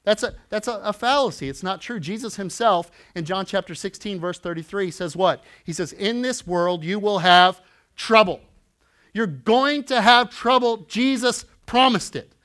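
High-voiced man in his forties preaching. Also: moderate pace. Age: 40s. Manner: conversational, often adds "right?"; swings from quiet asides to loud emphatic lines. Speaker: pastor. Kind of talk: sermon.

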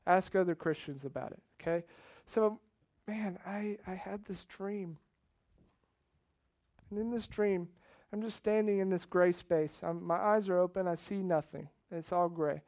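A man's voice: sits high, no room sound. Male pastor, earnest sermon storyteller, dry close sound. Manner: earnest storytelling, swings from hushed to loud emotional outbursts.

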